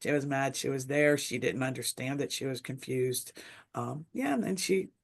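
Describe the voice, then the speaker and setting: A woman's voice: rumbling low, lively intonation, moderate pace, creaky. A middle-aged woman speaking as a webinar panelist, telling a reflective story in a casual discussion, with many fillers.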